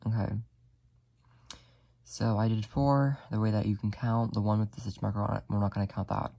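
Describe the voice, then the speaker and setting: Low-voiced craft tutor with a dark, gravelly tone, talking gently and apologetically through each step. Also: flat delivery, a little fast. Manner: soft-spoken, apologetic, talks while working with frequent "like" fillers. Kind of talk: casual step-by-step tutorial narration.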